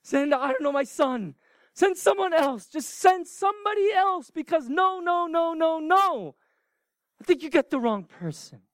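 Guy doing a squeaky pleading reluctant shepherd, whiny, dry mic. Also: expressive, unhurried, dry recording. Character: reluctant frightened male shepherd pleading to be spared.

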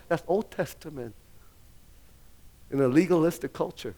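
A man's voice: on the high side, slow pace, pauses often, mellow. Rambling, laughing male pastor preaching. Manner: rambling, full of fillers and restarts; laughs often while preaching. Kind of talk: sermon.

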